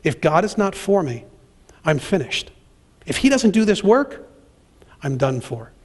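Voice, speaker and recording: A man's voice: high-pitched, very animated, measured pace, darkish tone. A man preaching a sermon and reading scripture aloud, with dramatic pacing and emphatic, acted-out quotes. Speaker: pastor.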